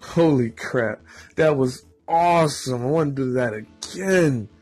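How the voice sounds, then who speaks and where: A man voicing an excitable, cocky teenage boy who yells when he is thrilled, with a husky edge to his voice. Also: medium pitch, a little slow, faint music behind. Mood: excited. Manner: loud, excited yelling.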